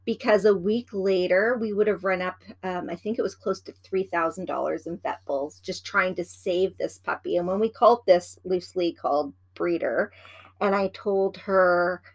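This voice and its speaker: A woman's voice: lowish voice, normal speed. A woman co-hosting a casual chat, rambling and teasing as she gives practical advice about pets. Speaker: podcast co-host.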